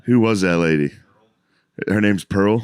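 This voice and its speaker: Very deep-voiced sarcastic man. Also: measured pace, smooth, dry recording, studio quality. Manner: sarcastic, profane, deadpan jokes. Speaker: podcast co-host. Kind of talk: casual chat.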